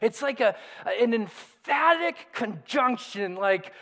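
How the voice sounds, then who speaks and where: A man preaching a sermon as pastor, animated and conversational, with emphatic repetition, in a church sanctuary. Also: high-pitched, a little slow, in a large hall.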